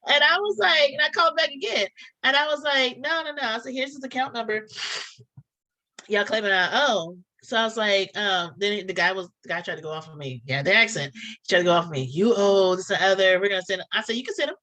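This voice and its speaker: A woman's voice: fairly high pitch, lively intonation, a little fast, pushed and bright, poor audio. A woman chatting casually, telling a story and acting out both sides of phone calls. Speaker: podcast co-host telling a story.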